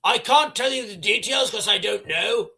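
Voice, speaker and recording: A British man hosting a livestream, rambling and animated as he talks straight to his viewers. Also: sits high, normal speed, gravelly. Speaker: livestream host. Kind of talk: casual live commentary.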